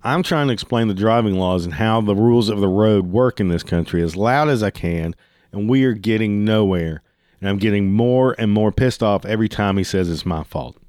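A man with a fairly low voice tells a story casually, swearing freely as he gets heated. The recording is dry and close, with no room sound. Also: normal speed, a little mellow, no echo.

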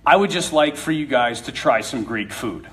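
A man's voice: medium pitch, expressive, normal speed, a bit bright, pitched below the performer's own voice, lightly acted. A man voicing a smug ancient conqueror king who coaxes his subjects like a salesman. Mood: coaxing. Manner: coaxing, salesman-like, jokey.

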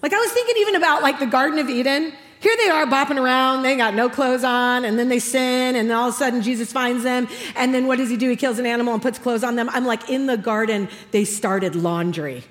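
A middle-aged woman speaker telling a humorous story in a sermon to a live audience, animated and self-mocking, acting out her family's lines. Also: high-pitched, fairly quick, few pauses, big-room sound. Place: large hall with a live audience.

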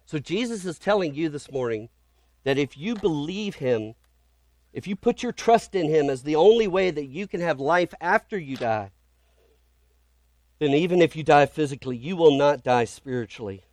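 A male pastor delivering a sermon, his voice sitting a touch higher than most men's. He tells his story earnestly and builds dramatic emphasis. The sound is dry and close, with no room around it. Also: lively intonation, normal speed, a little mellow, no echo.

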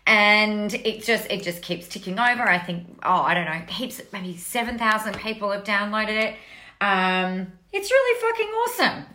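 A woman's voice: medium pitch, sharp tone. A woman with an Australian accent, chatting casually to camera as a business coach, telling a story with lots of swearing and laughter.

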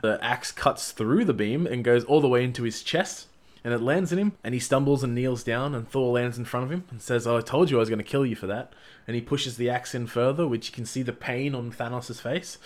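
A man casually recapping a movie plot and giving his opinions, talking in an animated way with frequent fillers and restarts. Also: medium pitch, fairly quick. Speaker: film reviewer.

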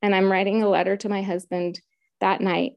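A woman's voice: medium pitch, level tone, brisk, creaky, no echo. A middle-aged woman telling her own story in casual conversation, retelling events vividly and acting out quotes.

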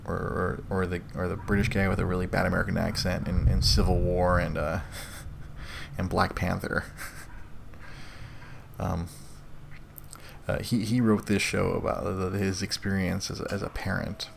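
Low gravelly-voiced man rambling. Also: level tone, normal speed, pauses often, background noise. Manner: rambling, profane, many restarts. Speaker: live stream host. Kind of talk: casual chat.

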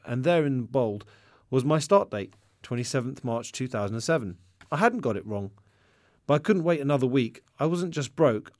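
A man reading his own book aloud in first-person narration, telling the story in a lively way. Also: medium pitch, no room sound. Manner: lively storytelling with voiced dialogue. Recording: very dry, close recording.

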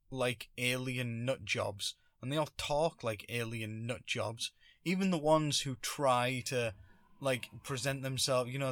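A man in a casual solo monologue, rambling and sarcastic, stopping and restarting his thoughts. His voice sits at an ordinary middle pitch. The sound is dry and close, with no room echo. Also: fairly bright tone. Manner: rambling, sarcastic, self-interrupting. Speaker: vlogger.

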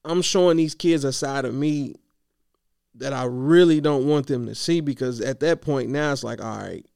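A man talks straight to camera in a casual vlog, venting about coaching with slangy, animated talk. His voice is gravelly yet smooth and full. It sounds close and dry, with no room around it, and he seems worn out from yelling. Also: mid-range voice, moderate pace, no room sound. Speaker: youth basketball coach.

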